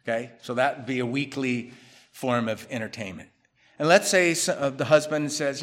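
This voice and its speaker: A male pastor delivers a sermon in a conversational way, mid-pitched for a man. He swings between loud, emphatic bursts and quiet asides. He acts out the people he quotes in his own voice. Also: normal speed.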